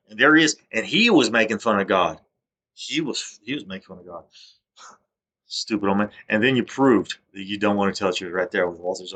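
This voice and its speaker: A man's voice: lowish voice, a bit bright. A man in a rambling, self-recorded monologue, stammering and restarting as he airs grievances. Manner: aggrieved, accusatory. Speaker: vlogger.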